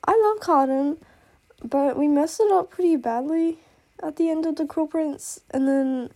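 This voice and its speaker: A young woman vlogs casually about her favourite books, gushing and rambling with endless fillers. Her voice sits a little high and is soft and mellow in tone. She is sick and coughs now and then. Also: measured pace. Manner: gushing and rambling, full of "like" and "oh my god". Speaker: book vlogger. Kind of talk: casual chat.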